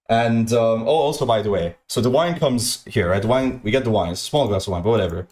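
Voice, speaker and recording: A man's voice: lowish voice, quick pace, a little mellow. A man telling a long, rambling anecdote, repeating himself and swearing, often acting out what others said. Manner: repetitive, profane, restarts often, mimics others.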